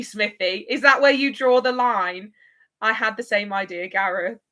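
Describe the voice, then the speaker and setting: Woman hosting a livestream, slow easy pace, bright voice, laughs a lot. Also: on the high side. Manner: playful, laughs often, chatty with viewers. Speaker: livestream host. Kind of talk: casual chat on a live watch-along.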